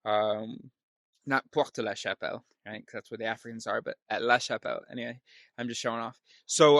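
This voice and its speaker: A man telling a story in a casual monologue, with quick, joking asides. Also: mid-range voice, fairly bright tone, dry recording, clean studio sound.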